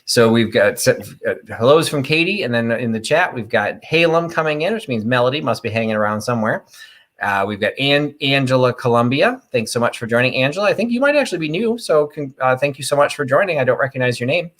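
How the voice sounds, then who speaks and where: A man's voice: medium pitch, lively intonation, fast talker, a bit bright. A middle-aged man from Illinois hosting a live online vintage sale, chatting in a rambling way and greeting viewers by name. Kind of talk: casual live-stream chat.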